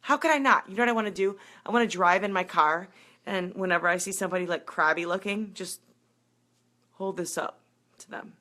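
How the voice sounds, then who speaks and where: Hyped woman coach, bright voice. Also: mid-range voice. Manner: hyped, fast-talking, greeting viewers by name. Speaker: running and triathlon coach. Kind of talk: live video chat with viewers.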